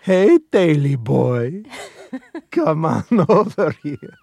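High Eastern European dog. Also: male voice, wildly swooping pitch, extremely slow, gravelly, dark tone, husky, no room sound, heavily acted. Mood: wheedling. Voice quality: high, strained and wide-eyed. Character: manic male dog obsessed with his tail.

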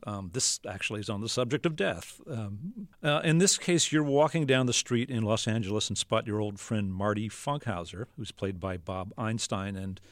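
A man hosting an interview, setting up clips in a measured, explanatory way. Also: on the low side, no echo, clean studio sound. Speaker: host.

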